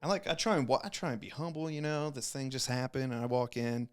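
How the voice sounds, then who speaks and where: A man's voice: medium pitch, quick pace, clean tone. Profane young man telling a story. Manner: profane, animated, acts out quoted voices. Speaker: guest, Navy corpsman. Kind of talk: casual storytelling.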